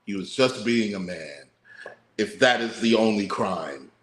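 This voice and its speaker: A man's voice: on the low side, animated, measured pace, fairly bright tone, reverberant. A man co-hosting a podcast, musing in a laid-back, profane way. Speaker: podcast co-host. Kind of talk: casual podcast chat.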